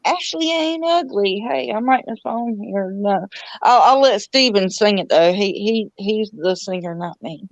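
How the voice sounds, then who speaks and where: A woman's voice: mid-range voice, expressive, measured pace, no room sound. Bossy teasing woman on a dull, dry mic. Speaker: stream host. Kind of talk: casual chat.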